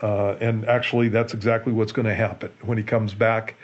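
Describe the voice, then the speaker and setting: A man, a pastor, explaining a Bible passage in a relaxed Q&A show, earnest and often restarting and repeating his words. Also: on the low side, fairly quick, muffled recording. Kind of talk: conversational Bible teaching in a Q&A show.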